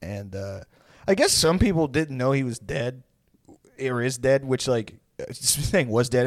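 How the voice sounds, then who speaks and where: A man's voice: medium pitch, expressive, moderate pace, dry recording, studio quality. A man co-hosting a comedy podcast, telling a loose, rambling story between laughs. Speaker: podcast co-host. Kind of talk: casual comedy chat.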